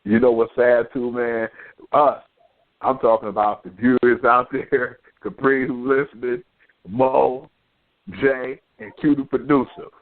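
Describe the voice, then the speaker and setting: A man co-hosting a sports talk podcast, animated and joking, who laughs often and ends many lines with "man". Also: medium pitch, unhurried. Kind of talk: casual sports banter. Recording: tinny phone-like podcast audio.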